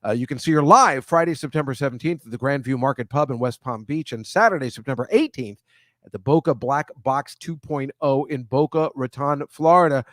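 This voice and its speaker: A man hosting a loose comedy chat, his voice sitting at an everyday middle pitch. He rambles and backtracks, stumbling over names and restarting sentences. The sound is dry and close, with no room echo. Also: brisk, fairly bright tone. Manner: rambling, self-correcting, chatty. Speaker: host. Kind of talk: casual video-call chat.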